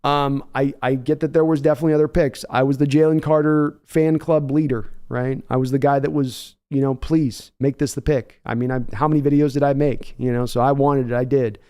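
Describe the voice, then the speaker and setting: A man's voice: mid-range voice, fairly even intonation, fairly quick, few pauses, warm tone, clear, resonant tone. A young man hosting a live reaction stream, reading out viewer donations in a rambling, self-deprecating way with frequent laughs. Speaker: livestream host.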